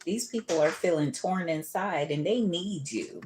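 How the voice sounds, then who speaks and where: Chatty tarot-reading woman, low voice. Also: measured pace, darkish tone, a little hiss or hum. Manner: chatty, laughs often, calls listeners boo and baby. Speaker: tarot reader. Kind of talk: casual tarot reading livestream.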